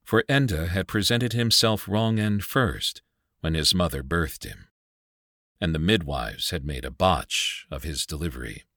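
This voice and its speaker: A man narrating a dark folk tale as scripted audiobook narration, dramatic and measured. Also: deep voice, expressive, no room sound, clean studio sound.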